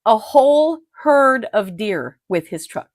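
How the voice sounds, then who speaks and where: Animated woman, lively pitch. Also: dry recording, clean studio sound. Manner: animated, quick to laugh and swear. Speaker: podcast co-host. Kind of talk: casual true crime chat.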